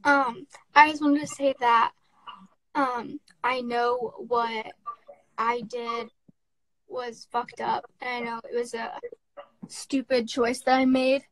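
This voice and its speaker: A young woman in her teens giving a halting, tearful apology on a phone live stream, full of fillers and restarts. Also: fairly high pitch, flat delivery, no room sound, rough recording. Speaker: livestreamer.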